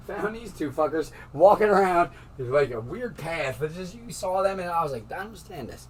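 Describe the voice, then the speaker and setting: Guy rambling on and swearing a lot, kinda high voice, laughs a bunch, mic's off at a distance. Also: big pitch swings, normal speed. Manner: rambling and profane, laughing often. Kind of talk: casual storytelling.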